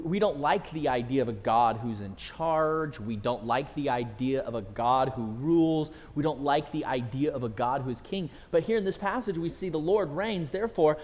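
A middle-aged pastor from California preaches with a somewhat high voice, building his points through stories and repeated phrases. His sermon rings out with the long reverb of a large hall. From California, USA. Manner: animated storytelling preacher, repeats phrases for emphasis.

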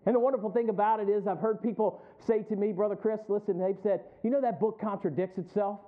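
A man's voice: sits high, fairly even intonation, fast. A male pastor preaching a sermon, rising in emphasis and calling out to the congregation for responses. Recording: tinny phone-like sound.

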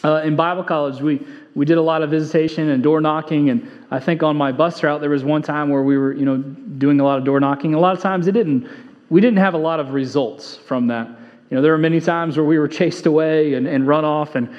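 High-voiced man preaching in echoing hall. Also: steady tone, a little fast. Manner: earnest, repeats key phrases for emphasis; conversational storytelling with fillers. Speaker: pastor. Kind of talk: sermon. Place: church sanctuary. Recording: long hall reverb, dull lo-fi sound.

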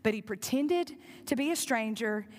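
A woman preaching with a high, bright-toned voice and a lilt. She retells the story earnestly and keeps turning to her congregation with questions. Her voice rings out with the long reverb of a large church hall. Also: expressive, moderate pace. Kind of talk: sermon.

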